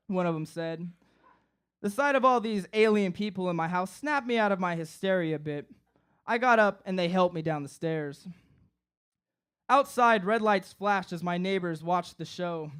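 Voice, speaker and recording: A man's voice: high voice, normal speed, clear, resonant tone. A young man performing a comic personal story live on stage, acting out his friends' voices. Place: live stage before an audience.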